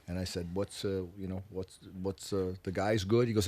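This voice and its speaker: Talking fast with few pauses, this deep-voiced rock musician swears his way through stories as a radio interview guest. He keeps it casual and animated, imitating the voices of people he quotes.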